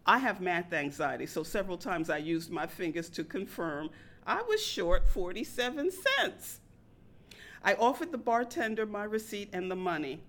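A woman reading a personal story aloud in a wry, deadpan manner. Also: lowish voice, moderate pace.

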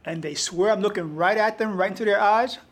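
A man from the Bronx with a New York accent, a guest poet telling stories in an unhurried, reflective way during an interview. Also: sits high. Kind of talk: conversational interview storytelling.

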